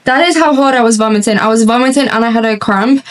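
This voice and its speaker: A woman's voice: on the high side, fast talker, far from the mic, rough recording. A young woman telling a long story while doing her makeup, chatty and rambling, laughing often. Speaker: beauty vlogger. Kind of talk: chatty get-ready-with-me storytelling. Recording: voice slightly off-mic.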